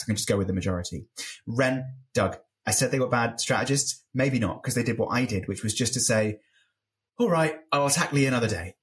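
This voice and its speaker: A man co-hosting a casual reality TV podcast, mixing playful wordplay with analysis. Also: medium pitch. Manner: jokey, wordplay-loving, analytical. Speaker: podcast co-host. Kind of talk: casual chat reviewing reality TV.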